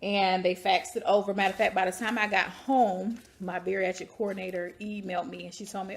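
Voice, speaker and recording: A young woman telling a casual vlog story, chatty and animated, talking to her viewers. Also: mid-range voice, a little fast, vocal fry, hardly any pauses. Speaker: vlogger.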